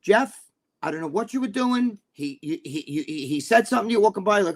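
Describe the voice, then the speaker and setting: A man's voice: sits high, expressive, fast talker. Blunt, profane man with a raised voice. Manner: blunt, profane storyteller who keeps checking in with the listener. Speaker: podcast guest. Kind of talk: casual chat on a live-streamed podcast.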